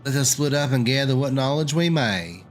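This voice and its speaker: A man's voice: mid-range voice, lively intonation, moderate pace, soft background music, pitched above the performer's own voice, lightly acted. Alphinaud, a man voicing a formal young scholar. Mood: cautious. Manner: archaic, formal phrasing. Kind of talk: reading game dialogue aloud.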